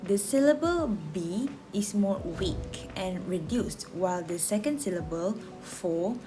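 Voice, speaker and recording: A woman student from Malaysia reading a class presentation aloud in a slow, careful, deliberate way. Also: medium pitch, expressive, over music.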